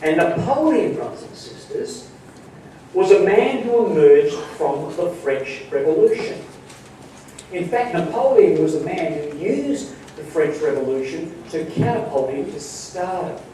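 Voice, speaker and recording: A fairly high-voiced man leads a Bible study for his congregation. He speaks with mellow emphasis and pushes key lines up for effect. He is heard from a distance in a very echoey hall, with a faint hiss behind him. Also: expressive, measured pace. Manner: emphatic, rising to punch key points.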